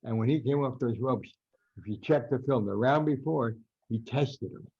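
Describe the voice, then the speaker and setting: A man's voice: mid-range voice, moderate pace, warm tone, breathy edge, dull audio. An older American man, a veteran writer, telling rambling anecdotes as a podcast guest, with an American accent. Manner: rambling anecdotal storyteller, frequent restarts. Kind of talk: storytelling interview.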